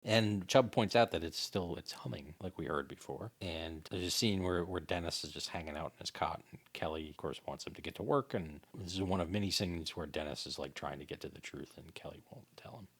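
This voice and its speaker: A man's voice: deep voice, brisk, few pauses, husky. A man co-hosting a podcast, casually recapping a movie in a rambling, self-correcting way. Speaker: podcast co-host.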